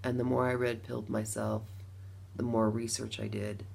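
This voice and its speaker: A middle-aged woman from Las Vegas telling a personal story to camera, animated, with bursts of laughter between lines. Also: rumbling low, moderate pace, creaky, husky. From Las Vegas, USA. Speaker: vlogger.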